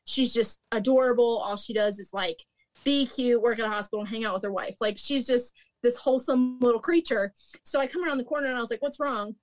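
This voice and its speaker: Blunt, high-voiced woman telling stories. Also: quick pace. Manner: blunt, swears freely, laughs often. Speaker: podcast guest, recruiter and former restaurant manager. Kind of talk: casual storytelling chat.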